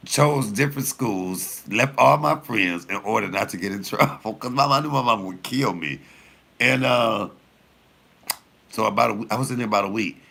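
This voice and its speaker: A man in his fifties, a comedian, telling a rowdy story in an animated way, acting out the quotes and swearing freely. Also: low-pitched, normal speed, gravelly. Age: 50s. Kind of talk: storytelling during a cooking chat.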